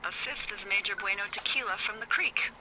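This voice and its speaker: A woman's voice: mid-range voice, brisk, close to an everyday voice. A woman voicing a teasing, wry female fire lookout who banters over the radio. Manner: playful, flirty banter. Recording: heavy background noise in game audio.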